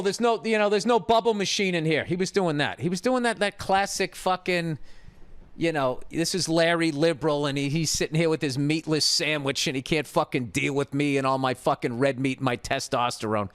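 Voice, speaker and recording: A man's voice: medium pitch, no echo. A middle-aged man with a Boston accent tells a story in a casual, profane rant, quoting other people as he goes. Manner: profane, ranting, animated retelling with acted quotes. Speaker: podcast host.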